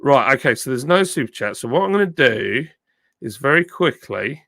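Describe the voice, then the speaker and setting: A middle-aged man from the south of England, his southern English accent softened by years in the north, chatting casually on a live stream and reading out viewer comments. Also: mid-range voice, very animated, normal speed, vocal fry, no echo, clean studio sound. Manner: chatty, thanking viewers by name, frequent ums and uhs. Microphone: phone with a plug-in mic.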